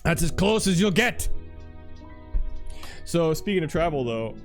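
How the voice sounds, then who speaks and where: A man chats casually with viewers on his live stream, laughing often and trailing off mid-sentence before starting over. His voice is fairly high and sing-song with a measured pace, and faint music plays behind him.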